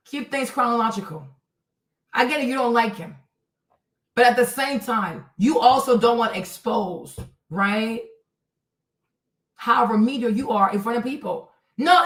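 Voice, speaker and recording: A woman's voice: a little high, a bit bright, reverberant, recorded from a distance, low-quality recording. A woman livestreaming commentary, reading and answering her chat in a blunt, scolding way, repeating her points.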